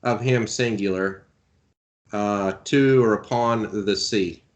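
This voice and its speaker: Slow, hesitant male student. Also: lowish voice. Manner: hesitant, halting, lots of uh. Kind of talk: classroom translation exercise.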